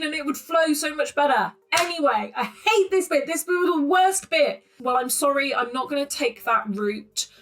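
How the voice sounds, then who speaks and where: Chatty woman with a bright voice. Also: a little high, rough recording. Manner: chatty and opinionated, with frequent ums. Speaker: poetry analysis channel host. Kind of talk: casual close-reading commentary. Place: at home in front of her camera.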